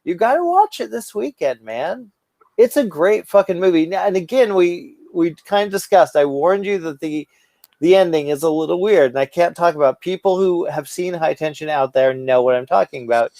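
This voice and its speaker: A man with a slightly high voice rambles through a casual podcast chat, swearing freely and tripping over restarts. He sounds stoned and scattered. The sound is dry and close. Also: animated, normal speed, warm tone, no room sound. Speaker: podcast co-host.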